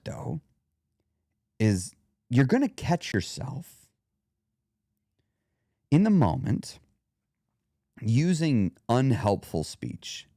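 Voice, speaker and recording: A man hosting a weight loss podcast, coaching the listener directly in a lively monologue. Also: on the low side, no echo, studio quality. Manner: animated, coaching, talks straight to the listener.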